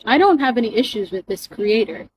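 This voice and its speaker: Caribbean woman creator, earnest and measured, straight to camera, faint room ambience behind. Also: fairly high pitch, animated, highs cut off, noisy background. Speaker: content creator. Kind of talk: earnest direct-to-camera commentary.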